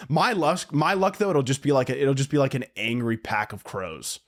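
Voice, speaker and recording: A young man hosting a solo podcast, rambling and cutting himself off, laughing at his own jokes. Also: medium pitch. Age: young adult. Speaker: podcast host.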